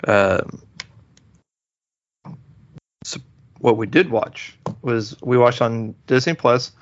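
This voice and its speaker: Hosting a podcast, a man chats casually about a movie, relaxed and rambling, with many fillers and restarts. He takes it slowly in a mid-range voice. The recording is dull, lo-fi, and dry, with slight background noise.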